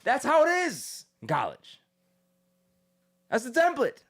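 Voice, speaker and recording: A male podcast host in casual ranting commentary, loud and mocking, slipping into quick impressions. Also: very high-pitched, huge pitch swings, breathy edge.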